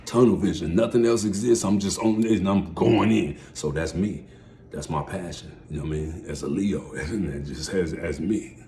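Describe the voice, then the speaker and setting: A man in his forties telling his life story in a casual, rambling way, heavy on street slang, dropping to mumbles and then jumping up loud and excited. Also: sits low, moderate pace. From United States.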